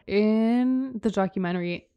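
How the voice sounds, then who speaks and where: A woman's voice: medium pitch, unhurried, clear, resonant tone, highs cut off. Young woman, podcast co-host, enthusiastic, gushing, casual chat. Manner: gushing, enthusiastic, reads quotes aloud.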